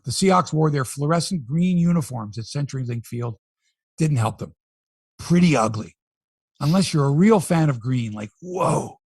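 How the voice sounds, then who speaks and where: A man's voice: fairly high pitch, lively intonation, moderate pace, darkish tone, no room sound, clean studio sound. A man hosting a sports podcast, running through scores and riffing jokingly on the headlines in a casual chat.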